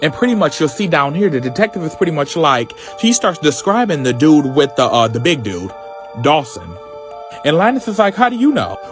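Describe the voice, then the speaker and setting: A man casually recapping a comic book, telling it in a sassy, animated way full of slang. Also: a little high.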